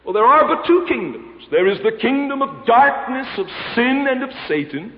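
A man preaching a formal, emphatic expository sermon in a church, quoting scripture with a measured cadence. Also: extremely high pitch, very animated. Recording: dull lo-fi recording in a reverberant hall.

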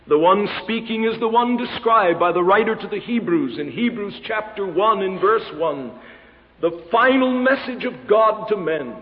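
A man preaching a formal, emphatic expository sermon in a church, quoting scripture with a measured cadence. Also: high-pitched. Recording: dull lo-fi recording in a reverberant hall.

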